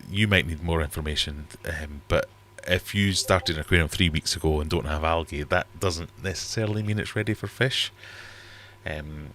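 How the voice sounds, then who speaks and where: A man's voice: rumbling low, normal speed, fairly bright tone, slight background noise. A Geordie man hosting a casual livestream chat, rambling and reading out viewers' comments. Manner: rambling, chatty, reads out comments. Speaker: livestream host. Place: home fish room.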